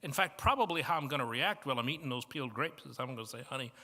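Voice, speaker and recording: A man with a Midwestern American accent preaching a sermon as guest preacher, telling stories and moving between soft asides and emphatic points. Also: mid-range voice, lively intonation, very fast. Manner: storytelling with shifts from soft to emphatic. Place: church banquet hall. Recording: reverberant banquet hall.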